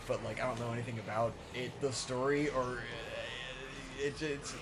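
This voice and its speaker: A man's voice: mid-range voice, moderate pace, hardly any pauses. A man co-hosting a casual gameplay chat, rambling and self-deprecating, swearing and trailing off mid-thought. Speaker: co-host. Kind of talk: casual chat during a game playthrough.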